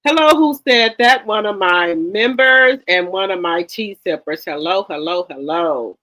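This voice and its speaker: Greeting viewers one after another with repeated hellos, this livestream host sounds a little tired, though the mid-range voice comes out pushed and bright. Chatty delivery, frequent ums and false starts, captured on slightly muffled lo-fi audio.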